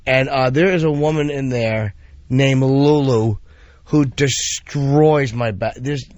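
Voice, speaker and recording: A man's voice: medium pitch, slow pace, darkish tone, no room sound, dull audio. Laid-back chuckling male radio host. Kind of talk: casual radio banter.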